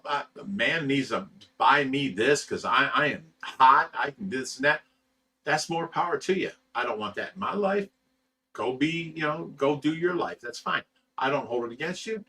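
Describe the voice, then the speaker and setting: A man's voice: a little high, bright, forceful tone, recorded from a distance. A man hosting a livestream, chatting casually and reading viewer comments in a blunt, rambling way, swearing freely. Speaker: livestream host reading chat.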